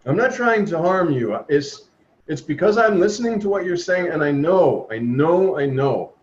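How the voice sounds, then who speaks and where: A man's voice: fairly high pitch, animated, moderate pace, slight background noise. A man leading a spiritual discussion on a video call, talking earnestly with repeated emphatic phrases. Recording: muffled video-call audio.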